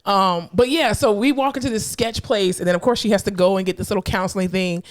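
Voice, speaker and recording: Woman, podcast co-host, casual chat, quick, animated, swears freely. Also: medium pitch. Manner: animated storyteller, swears freely, acts out quotes.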